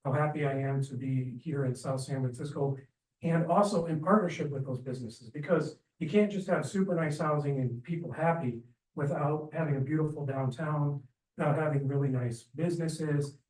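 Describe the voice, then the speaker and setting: A man's voice: on the high side, moderate pace, darkish tone, far from the mic. A man speaking up as a resident at a community meeting, enthusiastic and rambling, with many fillers and restarts. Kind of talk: public comment at community meeting. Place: city meeting room. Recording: echoey meeting room, speaker off-mic.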